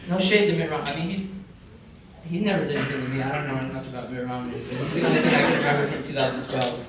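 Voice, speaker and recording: A man's voice: medium pitch, racing. A young man hosting a comedy panel at a convention, talking in a mock-serious, conspiratorial way with lots of fillers, heard through a room microphone. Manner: deadpan mock-conspiratorial, chatty with many fillers. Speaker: panel host. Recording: very echoey hall from far off, noisy.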